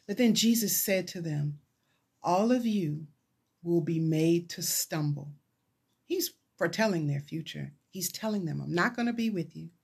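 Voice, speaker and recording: A woman's voice: lowish voice, gravelly, slightly rough. A woman chaplain preaching a sermon, retelling scripture and acting out the voices of the people in it. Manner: retelling scripture with dramatized voices, rising to excited pleas.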